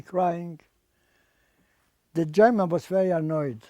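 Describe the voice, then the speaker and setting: An older man giving personal testimony as an interviewee, speaking haltingly and emotionally, often repeating and restarting his words. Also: sits high, darkish tone, slight background noise. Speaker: interviewee, artist.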